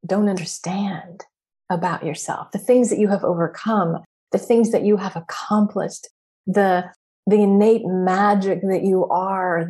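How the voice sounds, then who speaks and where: A woman's voice: mid-range voice, mellow. A woman coach and podcast host giving an emphatic, preachy motivational talk with casual swearing.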